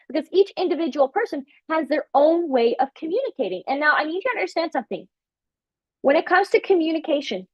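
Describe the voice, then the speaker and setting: Woman preacher, high voice, dry dull sound, hammering points home. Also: no echo. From Africa. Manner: emphatic, animated, repeats key phrases. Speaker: prophetic ministry teacher. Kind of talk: preaching teaching session.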